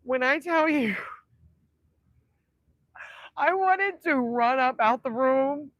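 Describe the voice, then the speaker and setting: A woman's voice: high-pitched, unhurried, fairly bright tone, no echo, rough recording. A woman in her thirties hosting a casual livestream chat with viewers, heartfelt and emotional, often dropping to a whisper. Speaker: livestream host.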